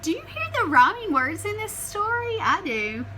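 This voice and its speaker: A woman teacher reading a picture book aloud to children, animated and asking them questions as she goes. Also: very high-pitched, normal speed, slight background noise, rough recording. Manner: animated, asks the listeners questions.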